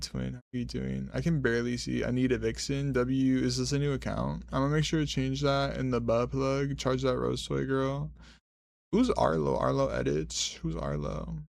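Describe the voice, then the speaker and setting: A young man chats with his stream while high and half asleep, sassy and full of swearing as he drifts from topic to topic. His voice has a gravelly, fried edge at a middle pitch. The sound is close and dry, with no room echo. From Mexican heritage. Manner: sassy, swearing, rambling chatter. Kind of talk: casual stream chat reading comments.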